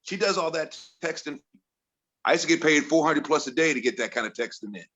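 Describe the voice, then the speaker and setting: A middle-aged man from Chicago doing a stand-up set, telling exasperated stories about his home life and mimicking his family in higher voices. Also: fairly quick, a bit bright, muffled recording. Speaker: stand-up comedian. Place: comedy bar with audience.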